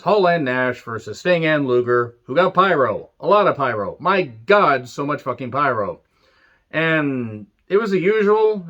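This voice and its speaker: A man giving a casual, animated review of an old wrestling show, swearing freely and tossing in sarcastic asides. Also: mid-range voice, lo-fi sound. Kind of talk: casual retro review monologue.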